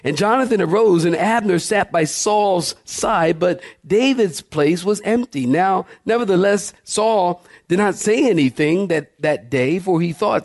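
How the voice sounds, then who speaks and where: Pastor who reads scripture and adds folksy asides; man, slightly high voice. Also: expressive, unhurried, a little mellow. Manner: reads verses, then breaks off for folksy asides. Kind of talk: sermon, reading scripture aloud.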